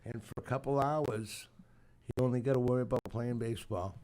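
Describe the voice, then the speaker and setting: An older man, a retired youth baseball coach telling halting, rambling stories as a radio guest. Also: mid-range voice, darkish tone. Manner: rambling, halting, many restarts. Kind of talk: casual radio interview storytelling.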